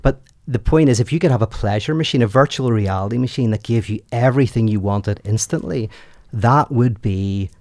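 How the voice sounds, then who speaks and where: A man talking as a podcast guest, telling stories with lively animation and acting out the voices of the people in them. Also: medium pitch, a little fast, dry recording, clean studio sound. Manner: animated storyteller, acts out quoted lines. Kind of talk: casual conversation.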